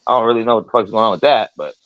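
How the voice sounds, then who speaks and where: A man hosting a casual talk show, telling a story in an animated, profane way and acting out the voices of the people in it. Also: fairly low pitch, rapid-fire, no echo, highs cut off. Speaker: podcast host.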